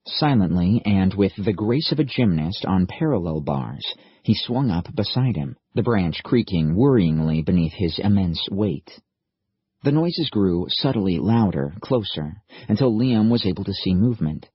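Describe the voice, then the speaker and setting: A man narrating an audiobook in a steady, measured storytelling manner. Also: low voice, slightly rough, dry recording, lo-fi sound. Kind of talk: scripted narration.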